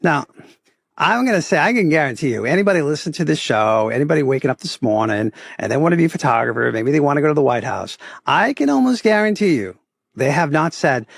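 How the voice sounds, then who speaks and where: A middle-aged man from Boston with a Boston accent, a podcast guest telling stories about his photography business in a casual, animated way, often adding "right?". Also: on the high side, fast, creaky, no echo, studio quality. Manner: animated storyteller, acts out quoted voices, often adds "right?". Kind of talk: casual interview storytelling.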